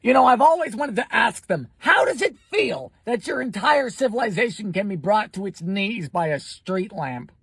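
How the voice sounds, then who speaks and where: A man's voice: high voice, lively intonation, moderate pace, gravelly, hardly any pauses, a bit bright, husky. A man doing scripted comedy sketches, ranting in an exasperated, punchy, profane way. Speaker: comedy creator.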